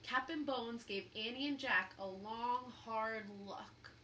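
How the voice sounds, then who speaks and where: A woman teacher reading a children's book aloud at story time, expressive and encouraging. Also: fairly high pitch, slow pace, recorded from a distance, slight background noise, low-quality recording.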